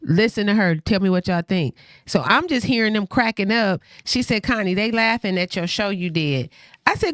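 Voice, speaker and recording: A woman hosting a radio show, chatting casually, telling animated stories and laughing often. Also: mid-range voice, moderate pace, no room sound, clean studio sound. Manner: animated storyteller who acts out quoted voices; laughs often while talking. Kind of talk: casual radio interview chat. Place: radio studio.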